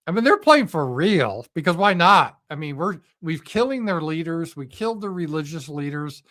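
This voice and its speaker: A man's voice: fairly high pitch, big pitch swings, measured pace, pushed and bright. Profane, sarcastic man hosting. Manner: profane, sarcastic and mocking, with frequent fillers. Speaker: host of a live news commentary stream. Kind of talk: unscripted political commentary.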